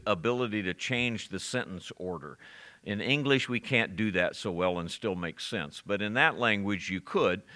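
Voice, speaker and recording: An older man preaching in a bright, forceful voice. He teaches in an easy, conversational way, then swells with emphasis as he quotes scripture. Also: on the low side. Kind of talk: sermon.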